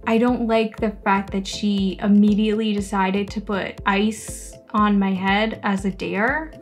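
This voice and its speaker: A woman's voice: mid-range voice, fairly even intonation, soft background music. A young woman reading a story game aloud and joking sarcastically as she plays. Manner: sarcastic, playful, reads characters in quick voices. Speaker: gaming YouTuber.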